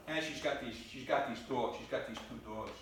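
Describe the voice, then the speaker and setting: A man's voice: mid-range voice, fairly quick, a bit bright. A middle-aged man doing a stand-up routine, telling his story in an exasperated way and stumbling over repeated words. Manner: stammering repetitions, exasperated storytelling. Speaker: stand-up comedian. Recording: echoey room from far off, faint noise.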